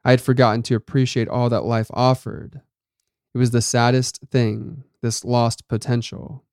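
Smooth-voiced male story narrator. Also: medium pitch, flat delivery, a little mellow, dry recording, clean studio sound. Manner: measured, dramatic reading. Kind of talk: scripted first-person story narration.

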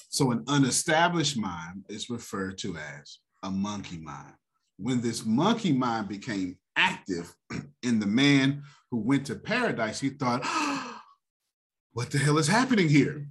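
A man hosting a motivational finance talk, animated and preacher-like, often laughing. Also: lowish voice, measured pace. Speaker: host.

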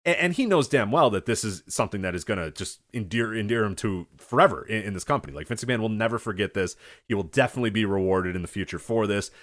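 A man with a fairly low voice talks fast in casual podcast chat. He rambles with many restarts and fillers, swears casually and slips into quoted voices. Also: animated, a bit bright. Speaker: podcast host.

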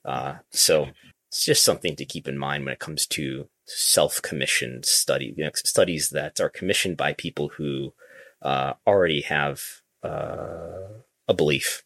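A man's voice: very deep voice, a little slow, vocal fry, sharp tone, no echo, studio quality. A man hosting a business podcast, talking casually and thinking aloud, often restarting his sentences. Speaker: podcast host.

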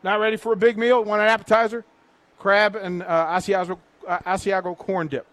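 In a dry recording, a middle-aged radio host with a high, fairly bright voice speaks briskly and with flat delivery. Broadcasting live from a restaurant patio, he reads the sponsor's menu punchily to build hype.

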